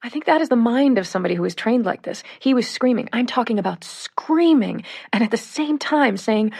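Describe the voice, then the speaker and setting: A woman reading first-person witness accounts for an audiobook in a measured way. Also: a little high, animated, vocal fry, a little mellow, slightly rough. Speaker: audiobook reader.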